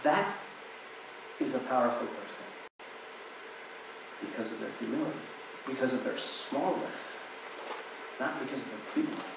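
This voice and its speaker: This guest speaker, a man with a mid-range voice and vocal fry, speaks at normal speed with long pauses. He tells stories in a chatty, aside-filled inspirational talk to an audience. There's background noise, and the distant mic captures a very echoey hall.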